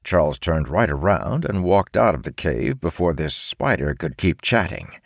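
A man narrating an audiobook in an expressive storytelling manner, recorded close on a studio mic. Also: low voice, moderate pace, vocal fry, slightly rough, dry recording. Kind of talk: scripted narration.

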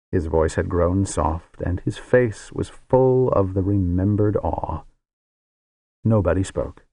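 A man reading a fantasy novel aloud in a slow, deliberate narration. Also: low-pitched, vocal fry, dark tone, no room sound. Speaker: audiobook narrator.

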